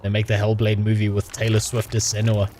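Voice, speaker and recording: A man's voice: fairly low pitch, a little mellow, a little hiss or hum. Crude, sarcastic young male streamer. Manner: crude, sarcastic, laughing rants. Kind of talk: casual gaming stream chat.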